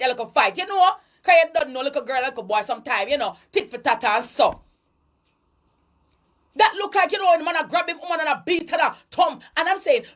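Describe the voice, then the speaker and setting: Jamaican woman, high-pitched, emphatic lecturing commentary with patois. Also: fairly bright tone. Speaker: online commentator. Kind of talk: preachy social commentary monologue.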